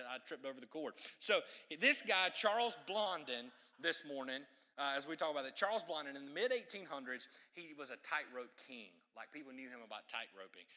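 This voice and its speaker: A man with a strikingly bright, forceful voice delivers a sermon. He tells his story in an animated way and slips in playful, joking asides. His pitch sits a little higher than most men's. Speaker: preacher.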